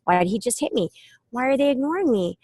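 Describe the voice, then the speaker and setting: A woman's voice: fairly high pitch, lively intonation, fast talker, a little mellow, no echo, studio quality, pitched above the performer's own voice. A woman voicing a whiny young child who keeps asking why. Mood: pestering. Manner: repeats "why" over and over.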